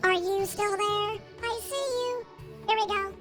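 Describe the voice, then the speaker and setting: A squeaky pitch-shifted robot turret. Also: male voice, steady tone, measured pace, fairly bright tone, soft background music. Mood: polite robotic. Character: chirpy robot turret reading out a bot's answer.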